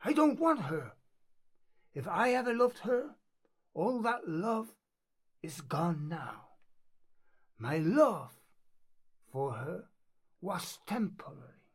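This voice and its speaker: An actor playing Demetrius, a smitten young nobleman, with slow, overblown declarations of love in an amateur stage-play reading. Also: medium pitch, sing-song, husky, exaggerated voice. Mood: dismissive.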